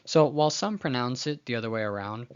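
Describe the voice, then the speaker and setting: A man teaching a recorded lesson, patiently explaining rules and slowly repeating words to model their pronunciation. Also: mid-range voice, clean tone, highs cut off. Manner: uses frequent fillers and restarts. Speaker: language teacher.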